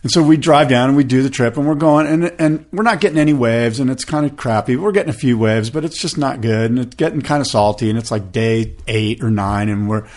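A man's voice: medium pitch, brisk, hardly any pauses, a little mellow. A man in his fifties telling a long story as a podcast guest, rambling with lots of fillers and acting out what others said. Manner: rambling, filler-heavy, acts out quoted voices. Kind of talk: casual storytelling interview.

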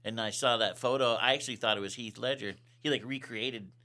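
A man's voice: mid-range voice, steady tone, a little fast, pushed and bright. A man hosting a podcast, chatting casually and reacting with surprise to a guest's stories. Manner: laid-back, reacts with surprise. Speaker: podcast host. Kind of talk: casual chat.

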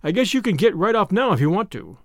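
A man reads the part of a bold young American in a storybook reading, breezy and slangy with an American drawl. The voice sits high and swings lively up and down. It is recorded close and dry. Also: quick pace, no room sound. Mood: easy, wry.

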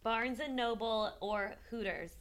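A woman's voice: on the high side, unhurried. A woman co-hosting a podcast, reading out the options and giving short, dry answers. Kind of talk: casual chat.

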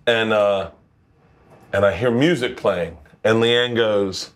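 A man's voice: on the low side, unhurried. A man hosting a casual cooking chat, telling stories animatedly, swearing and acting out what people said. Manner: animated, swearing storyteller who acts out quotes. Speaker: host and home cook.

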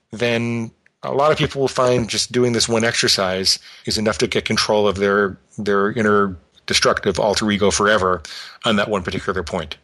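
Low-voiced man giving calm advice. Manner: calm, explanatory, acts out an inner voice. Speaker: guest expert. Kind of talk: instructional talk.

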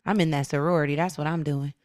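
Young woman co-host, low-pitched, animated and slangy, recorded dry and close. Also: fast talker, no echo. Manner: animated storyteller, slangy and laughing. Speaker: podcast co-host. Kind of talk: casual spiritual self-help chat.

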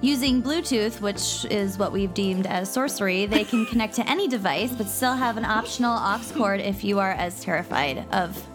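A woman's voice: medium pitch, normal speed, few pauses, music in the background. A young adult woman co-hosting a podcast in casual chat, upbeat and laughing along. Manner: upbeat, reads ads brightly, laughs along. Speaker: podcast co-host.

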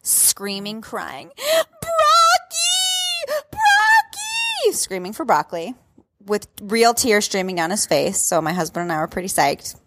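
A woman's voice: mid-range voice, moderate pace, a little hiss or hum. A woman in her thirties, co-hosting a casual chat, telling stories with animation and laughter. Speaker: podcast co-host.

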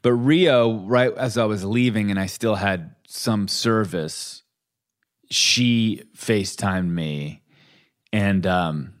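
A man, a podcast co-host, in casual chat, animated and quick to laugh. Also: on the low side.

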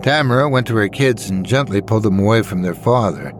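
A man reading scary stories as a dramatic, expressive narrator. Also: fairly low pitch, fairly quick, music in the background. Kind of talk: scripted horror story narration.

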